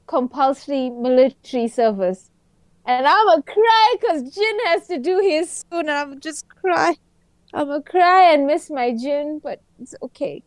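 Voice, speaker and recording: High-pitched woman gushing on a podcast, takes her time, laughs a lot, dry mic. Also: a little mellow, dry recording. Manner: giggly, gushing, slangy. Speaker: podcast co-host. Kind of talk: casual chat.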